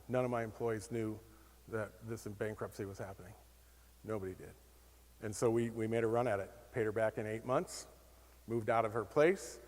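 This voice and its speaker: Animated man telling his story on stage. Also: mid-range voice. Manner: animated, self-deprecating, acts out quoted dialogue. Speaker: conference speaker. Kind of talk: personal storytelling talk. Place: conference hall. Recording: reverberant conference hall.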